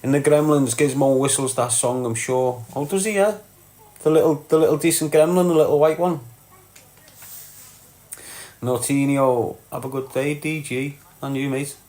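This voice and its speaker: This man's mid-range voice is a little mellow, at a moderate pace with fairly even intonation. He's a live streamer with a Liverpool (Scouse) accent, casually greeting viewers, reading their comments, and being blunt and sweary as he calls folks lad and mate.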